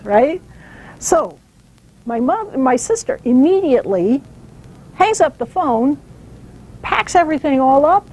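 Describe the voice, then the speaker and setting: A woman author giving a public talk, telling stories in an animated way with some fillers. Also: high voice, unhurried, rough recording. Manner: storytelling, animated, uses fillers.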